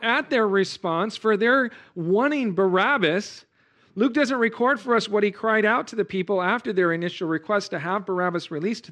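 High-voiced man preaching earnestly. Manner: earnest, exhorting, rising to loud emphasis. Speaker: pastor. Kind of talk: sermon.

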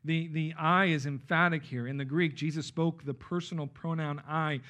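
A man's voice: on the high side, fairly even intonation, moderate pace, sharp tone. A man preaching an expository Bible sermon, emphatic and checking in with his listeners with frequent okay and right. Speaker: pastor.

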